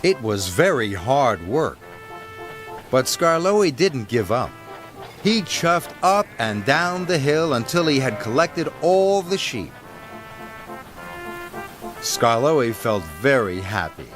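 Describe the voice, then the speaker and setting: A man reads a children's storybook aloud, his voice mid-pitched for a man. His intonation is animated and sing-song, and music plays under the narration. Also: slow, long pauses. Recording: narration over background music.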